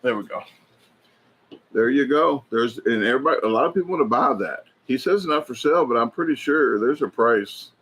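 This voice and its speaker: A man hosting a casual livestream, rambling and chatty as he reads viewer comments aloud, filling pauses with lots of fillers and restarts. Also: mid-range voice, expressive, fairly bright tone, slightly rough. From United States. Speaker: livestream host. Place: indoors at a hobby shop.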